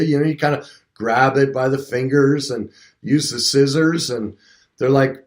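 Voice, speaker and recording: A man's voice: mid-range voice, moderate pace. A man in his fifties hosting a coaching talk show, speaking conversationally and acting out little dialogues with a lifted voice. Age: 50s. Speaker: radio show host and coach. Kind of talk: motivational talk. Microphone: streamed talk show mic, also seen on video.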